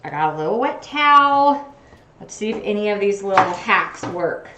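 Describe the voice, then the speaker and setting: A woman's voice: mid-range voice, sing-song, normal speed, echoey room, very noisy. A woman chatting casually on a cooking livestream, narrating what she does as she chops in her home kitchen. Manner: chatty, talks while chopping, self-narrating. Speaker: cooking streamer.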